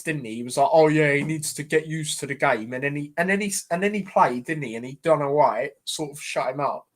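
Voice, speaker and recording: A young man hosting a live football watchalong as a fan, chatty and exasperated, calling his viewers "mate" constantly. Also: a little high.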